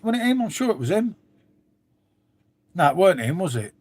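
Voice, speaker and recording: A man's voice: sits high, sing-song, brisk, darkish tone. A middle-aged man chatting casually to viewers on a live stream, swearing freely and trailing off into asides. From England. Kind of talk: rambling casual chat to viewers.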